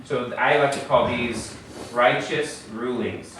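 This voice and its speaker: Recorded from a distance in a very echoey classroom of a congregation building, with a little hiss or hum, a man patiently teaches Hebrew letters and vowels and quizzes his students. He speaks slowly in a mid-range, somewhat bright voice.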